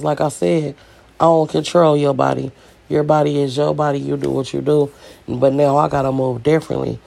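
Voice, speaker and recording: A man's voice: on the high side, vocal fry, mellow. A man casually retelling a personal story in loose, profane slang, acting out the dialogue as he goes.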